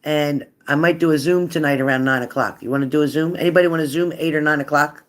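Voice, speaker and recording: A man with a somewhat high voice chats casually with his viewers on a live tarot stream. He reads out their comments and answers each one in a friendly, earnest way. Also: fairly even intonation, fast talker.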